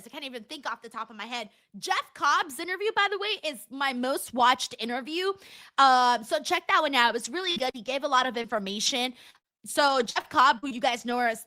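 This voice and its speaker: A young adult woman hosting a casual livestream, reading out viewer messages in an excitable way, laughing often and swearing freely. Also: high voice. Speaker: livestream host. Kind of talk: casual watch-along chat, reading viewer donations.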